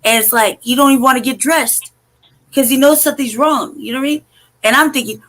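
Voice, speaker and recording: A woman's voice: fairly high pitch, a bit bright, rough recording. A woman hosting an online show, telling a story in casual, emphatic and profane talk, with strings of rhetorical questions. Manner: asks rhetorical questions in rapid runs. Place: live online stream from home.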